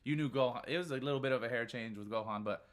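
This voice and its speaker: A man co-hosting a casual review chat, relaxed and hesitant with fillers. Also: medium pitch, quick pace. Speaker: co-host.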